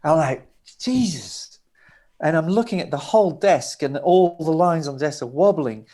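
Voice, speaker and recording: A man's voice: a little high, brisk, warm tone. A middle-aged man, a record producer and interview guest, telling a long, rambling anecdote and acting out the voices in it. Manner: rambling, vivid storytelling with acted-out quotes. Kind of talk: animated anecdote in a sit-down interview.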